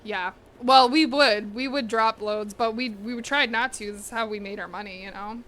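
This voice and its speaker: A woman on a cooking live stream chats casually with viewers from her home kitchen while eating, being blunt, swearing freely and occasionally talking through a mouthful. Her voice is on the high side and fairly bright, at normal speed.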